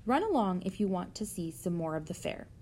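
A woman reading as a gentle wise spider. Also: on the low side, very animated, a little fast, slight background noise. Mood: explaining.

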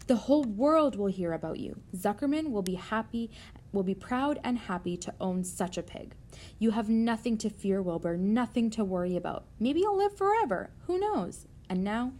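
Woman doing a wise gentle spider, calm, soft, tender, storybook reading, mid-pitched voice. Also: normal speed.

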